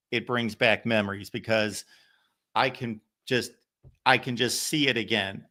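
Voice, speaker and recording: A man hosts a call-in show in a bright, forward voice, middle of the range for pitch. He wanders from story to story, circling back with fillers and restarts. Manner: rambling, anecdotal, many fillers and restarts. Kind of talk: casual storytelling.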